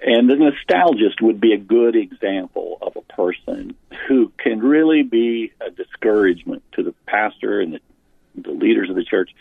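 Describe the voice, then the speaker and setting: A man's voice: on the low side, animated, moderate pace, creaky, breathy edge, no room sound. A man being interviewed as an author, earnestly explaining his points with frequent restarts. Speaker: author and pastor guest. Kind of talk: interview about church leadership. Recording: phone-line sound.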